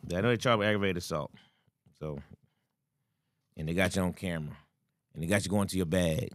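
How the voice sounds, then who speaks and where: A man's voice: sits low, a little fast, no room sound, clean studio sound. A man co-hosting a casual talk radio show, speaking in an emphatic, slangy way. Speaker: co-host.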